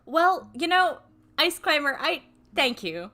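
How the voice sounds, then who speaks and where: Bright-voiced woman, rambling stream chat. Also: high-pitched, big pitch swings, slow pace. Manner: rambling, self-deprecating, casual swearing, laughs often. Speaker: streamer and voice actor. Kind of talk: casual livestream chat.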